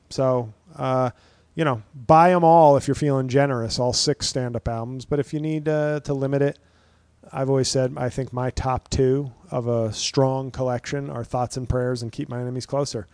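A man's voice: mid-range voice, fairly even intonation, normal speed, a little mellow, dry recording. A man in his thirties, a stand-up comedian hosting his own podcast, rambling through a profane, wry solo monologue.

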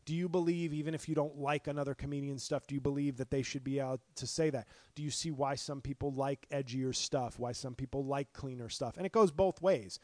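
A middle-aged male comedian with a hoarse, worn voice, talking in a profane, passionate solo podcast rant full of restarts. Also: medium pitch, fairly even intonation, fairly quick, few pauses, a little mellow, dry recording. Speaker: stand-up comedian and podcast host. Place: apartment.

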